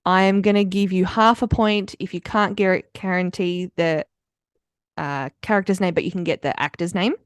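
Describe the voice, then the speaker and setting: A woman's voice: lowish voice, fairly even intonation, moderate pace, smooth, no echo, studio quality. A woman co-hosting a podcast in casual chat, laughing often as she explains a movie quiz game. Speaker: podcast co-host.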